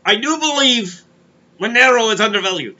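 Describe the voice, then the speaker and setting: A man's voice: sits high, animated, normal speed, bright, forceful tone, lo-fi sound. A man hosting a comedic crypto show, rambling and kvetching as he tells stories. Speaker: podcast host. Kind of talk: comedic crypto market monologue.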